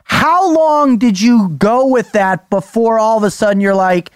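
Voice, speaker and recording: A man's voice: high voice, measured pace, hardly any pauses, clear, resonant tone, no echo, studio quality. A man hosting a conversation, asking probing questions and reflecting on what he hears. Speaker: podcast host. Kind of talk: interview conversation.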